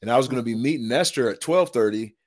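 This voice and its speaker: Animated storytelling man, slangy. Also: mid-range voice, fast. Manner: animated, slangy, says "dude" and "man" a lot. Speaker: podcast guest, retired football lineman. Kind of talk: casual storytelling.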